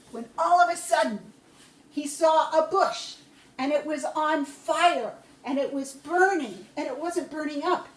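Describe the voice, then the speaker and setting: High-voiced woman teacher telling a story. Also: echoey room. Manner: slow, gentle, explains to children. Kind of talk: storytelling for young children.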